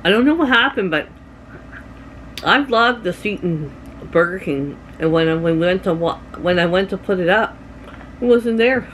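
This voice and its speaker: A woman's voice: fairly low pitch, lively intonation, normal speed, a bit bright, slight background noise. A middle-aged woman from Canada chatting to her camera at home, rambling through stories with laughs. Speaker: vlogger. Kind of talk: casual chat to camera.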